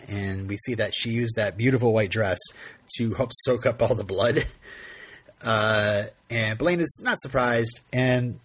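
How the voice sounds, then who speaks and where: A man's voice: on the low side, fairly bright tone, husky. A man hosting a podcast, retelling a TV episode in casual chat, rambling with frequent laughs and restarts. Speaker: podcast host.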